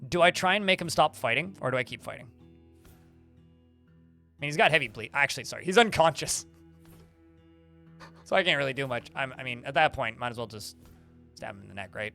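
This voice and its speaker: A man's voice: medium pitch, lively intonation, fairly quick, pauses often, pushed and bright, soft background music. A man streaming a video game, reading the combat log aloud with many fillers and restarts while chatting with viewers. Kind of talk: livestream gameplay commentary.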